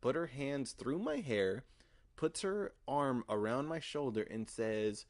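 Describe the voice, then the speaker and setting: This podcast host, a young man in his twenties, tells a casual, rambling story loaded with filler words and profanity. He speaks slowly in a mid-range voice with lively intonation, recorded cleanly in a studio with no room sound.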